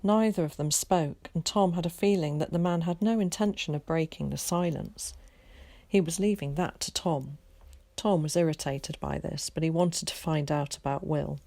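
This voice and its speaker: A teacher reading a children's novel aloud, calm and measured. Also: female voice, sits low, creaky. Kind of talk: storybook read-aloud.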